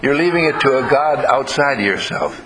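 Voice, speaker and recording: A man, a minister, giving a lively sermon full of stories, playful and acting out little voices. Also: mid-range voice, normal speed, background noise. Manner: animated, playful, acts out voices in anecdotes.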